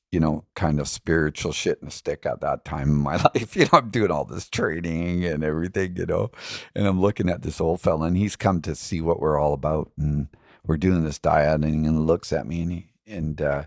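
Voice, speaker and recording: A man's voice: very deep voice, no room sound, studio quality. A man talking as a podcast guest, telling his story in a reflective way with many "you know" fillers.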